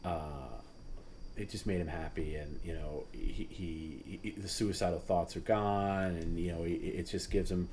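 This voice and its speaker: A man with a somewhat low voice talks casually as the host of a livestream. He rambles and stops to restart his sentences, with plenty of fillers along the way. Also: steady tone, a little hiss or hum. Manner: rambling, halting with many restarts and fillers, laughs at his own story; voice jumps high and loud when mimicking others.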